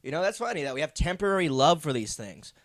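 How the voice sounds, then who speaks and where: Young male podcast host, rambling profane rant, slightly high voice, dead-dry close mic. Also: sing-song, quick pace, no echo. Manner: profane, meandering, self-deprecating rant. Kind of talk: rambling comedic monologue.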